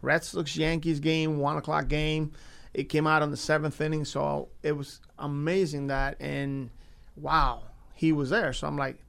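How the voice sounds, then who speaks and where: A man with a gravelly, creaky voice pitched a bit high talks through his baseball days. He speaks earnestly, repeats his words and pauses on fillers, in the easy way of a casual interview. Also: flat delivery, fairly bright tone. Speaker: guest, former baseball coach.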